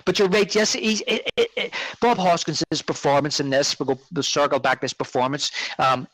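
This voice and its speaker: A man's voice: fairly high pitch, moderate pace, fairly bright tone, no room sound, low-quality recording. A man co-hosting a podcast, chatting casually about a film with rambling restarts and fillers. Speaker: podcast co-host. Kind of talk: casual film review chat.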